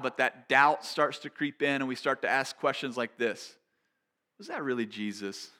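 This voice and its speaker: Man, pastor, sermon, earnest storytelling, bright voice. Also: mid-range voice. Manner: conversational storytelling, animated and earnest.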